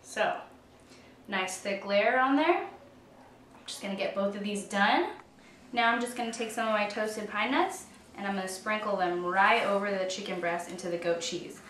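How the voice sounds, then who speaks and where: Cooking in her kitchen, this twenty-something home cook talks at a moderate pace in a medium, slightly bright voice, cheerfully chatting and poking fun at herself. Faint guitar music plays, and the roomy, distant recording carries slight background noise.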